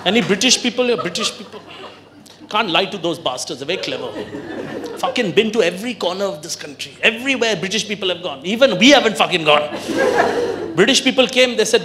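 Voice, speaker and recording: A man's voice: high-pitched, expressive, fast talker, a crowd in the background. A man with an Indian accent doing a stand-up comedy set, brash and profane, telling his story playfully. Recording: live club recording with audience noise.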